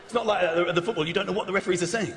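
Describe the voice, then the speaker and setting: A man doing a stand-up comedy routine in a large theatre, animated, acting out characters and shouting punchlines. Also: high voice, racing, heavy background noise. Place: large theatre stage with audience. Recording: roomy live theatre recording with audience. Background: audience laughter.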